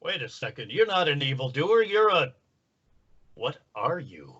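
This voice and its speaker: A man voicing a bombastic male superhero, declaiming grandly and slowly. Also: a little high, very animated, a bit bright, a little hiss or hum. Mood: pompous. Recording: dull lo-fi sound.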